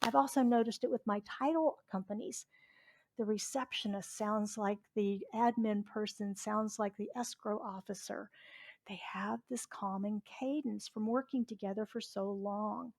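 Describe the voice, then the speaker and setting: A woman's voice: medium pitch, fairly even intonation, normal speed, creaky, darkish tone. A middle-aged woman from Southwest Virginia, preaching a chatty sermon as a reverend and asking the congregation questions. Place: church sanctuary.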